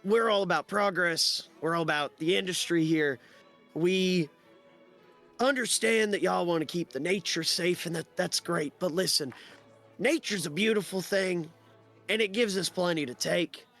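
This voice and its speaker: A man's voice: high voice, moderate pace, a bit bright, faint music behind, pitched above the performer's own voice. A man doing a brash, drawling mining boss. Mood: defiant. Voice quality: drawling, crude, defensive. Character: brash blue-collar male mining boss. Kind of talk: tabletop role-play voice.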